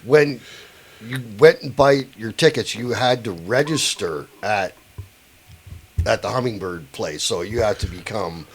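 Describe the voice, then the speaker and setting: A man chatting casually on a podcast in a relaxed, loose way. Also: on the low side, a little slow, slightly rough. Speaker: podcast guest. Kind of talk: casual chat.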